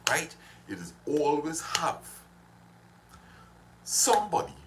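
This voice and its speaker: A man's voice: a little high, wildly swooping pitch, takes it slowly, background noise. A man giving a motivational live-stream talk to viewers, preaching and repeating his points for emphasis. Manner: preachy, repetitive exhortations.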